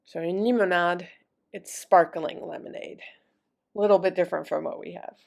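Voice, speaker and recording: A woman teaching French vocabulary, repeating each word slowly and then explaining it in casual English. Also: on the low side, fairly even intonation, creaky, a little mellow. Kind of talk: vocabulary lesson.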